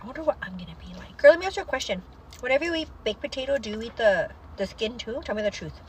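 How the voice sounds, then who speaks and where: A young woman hosting a casual livestream, chatting to viewers and telling stories in an animated way. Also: on the high side, racing, a little hiss or hum, low-quality recording. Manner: chatty, animated storytelling, calls viewers girl. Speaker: livestream host.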